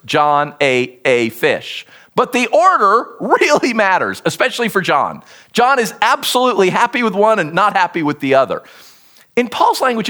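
Lively high-voiced male preacher. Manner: expressive, emphatic teaching delivery. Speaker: pastor. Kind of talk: sermon.

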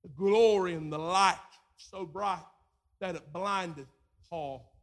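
Slow-paced and high-voiced, a preacher delivers a sermon that shifts from hushed storytelling to shouting. He performs the voices of the people in his retelling.

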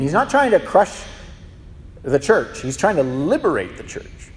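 A man preaching a sermon as pastor, in a conversational, animated way with frequent restarts. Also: fairly high pitch, a little slow. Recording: long reverb of a large hall.

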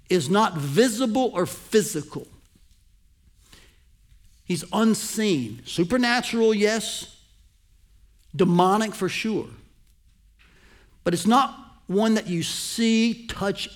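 Pastor guy with a high voice preaching, slows way down on the big lines, keeps asking if folks are following. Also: lively intonation. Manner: teaching, asks the congregation to follow along; slows down and lands key phrases with emphasis. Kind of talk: sermon.

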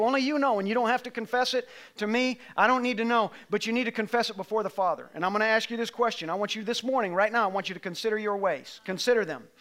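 A middle-aged male pastor with a high, bright voice, preaching a sermon in a church sanctuary. His delivery swings from quiet, intimate asides to impassioned, near-shouted appeals to the congregation.

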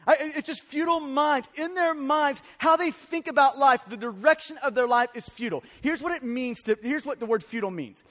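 Male preacher, very high pitch, emphatic sermon, reverberant sanctuary. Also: a little fast, few pauses, sharp tone. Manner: emphatic, urgent preaching with repeated phrases. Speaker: pastor. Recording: long hall reverb.

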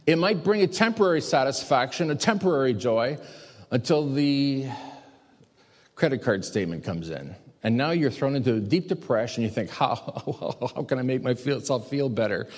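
A man's voice: medium pitch, expressive, moderate pace. A male pastor preaching a sermon, raising his voice for emphatic commands and quoting scripture. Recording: long hall reverb.

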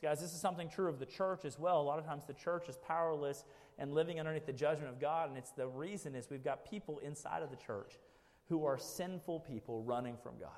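A man in his forties preaching a sermon in a conversational way, often adding "right?" to check in with listeners. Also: a little high. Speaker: pastor. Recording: reverberant church hall.

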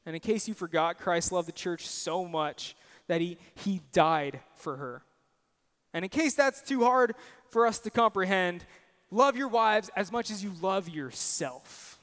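A man's voice: high voice, expressive, a little slow, fairly bright tone, long reverb tail. A young man preaching a sermon, earnest and personal, telling stories on himself with self-deprecating asides. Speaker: pastor.

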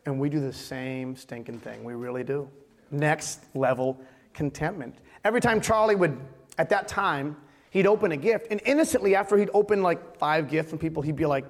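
High-voiced joking male pastor. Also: brisk. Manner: casual, joking, animated preaching. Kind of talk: sermon.

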